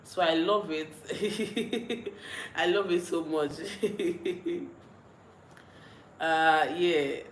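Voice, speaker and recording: A young Nigerian woman vlogger with a Nigerian accent chats casually on a livestream, reading comments aloud and rambling with lots of giggles and restarts, sounding a little tipsy and mellow. Her voice is lowish and steady, with drawn-out words and frequent pauses. The audio is poor, with a roomy sound and a faint hiss or hum.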